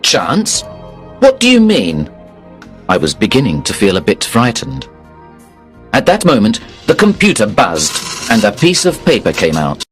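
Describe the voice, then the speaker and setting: Man, story narrator, slow clear reading, very lively pitch, soft background music. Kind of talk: first-person story narration for learners.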